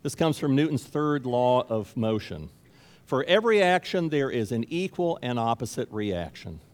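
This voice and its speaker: A man's voice: fairly high pitch, smooth. A man preaching a sermon as pastor, speaking emphatically and repeating key phrases for stress. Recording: long reverb of a large hall.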